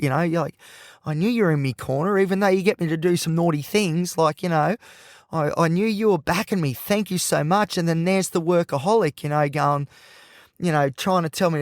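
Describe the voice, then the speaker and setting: In a dry, clean studio recording, a man hosting a podcast talks at a moderate pace with a somewhat high voice. His monologue is personal, emotional and rambling, and he keeps interrupting himself to restart sentences.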